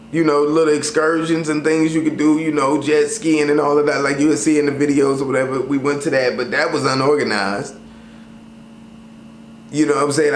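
A man vlogs about travel in a loose, slangy, animated way. His voice sits a little high. The sound is roomy, with a faint hum of ambience behind him. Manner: loose, slangy, animated storytelling with many fillers. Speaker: travel vlogger. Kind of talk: casual chat to camera.

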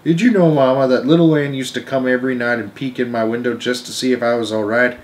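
A man's voice: mid-range voice, fairly even intonation, fast talker, lightly acted. A man voicing a grieving young boy in a storybook read-aloud, pleading and heartbroken.

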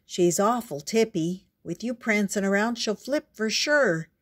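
A woman voicing a tired, determined young runaway man, speaking softly and tenderly. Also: mid-range voice, animated, unhurried, pitched above the performer's own voice.

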